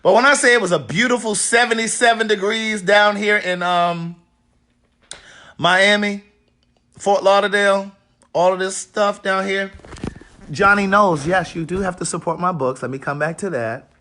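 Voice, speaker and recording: A raspy-voiced author from Maryland hosts a casual livestream from a hotel room, greeting viewers by name. His voice sits high and sounds bright and forceful, at normal speed.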